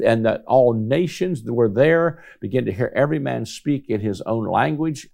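A man's voice: mid-range voice, creaky, darkish tone. A man preaching a Bible teaching sermon, stretching out key words for emphasis.

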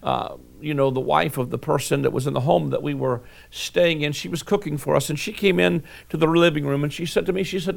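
A man's voice: a little high, fairly quick, creaky, few pauses. A male pastor preaching a sermon, reading scripture and telling folksy personal stories with many fillers and restarts.

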